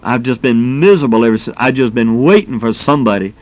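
A man's voice: mid-range voice, fast, a little mellow, dry recording, dull audio, close to an everyday voice. A male preacher voicing a flustered young nurse, eager, breathless telling.

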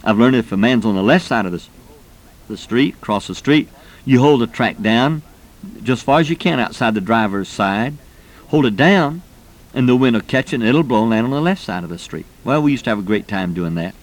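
A man from Florida preaching, telling a personal story in a folksy, animated way about using gospel tracts. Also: fairly quick. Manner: folksy, animated storyteller who acts out quoted voices with rising pitch. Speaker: preacher teaching personal evangelism. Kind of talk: storytelling sermon.

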